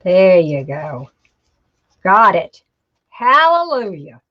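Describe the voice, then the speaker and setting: A woman with a mid-range voice speaks slowly as she hosts a casual craft tutorial, chatting and talking to herself while she works. She's chatty and says "y'all," and the home video audio sounds dull and lo-fi.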